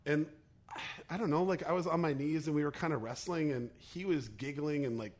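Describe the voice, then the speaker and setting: A man telling a funny story on a podcast in an animated, joking way. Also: fairly high pitch, fairly quick. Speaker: podcast co-host. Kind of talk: casual storytelling.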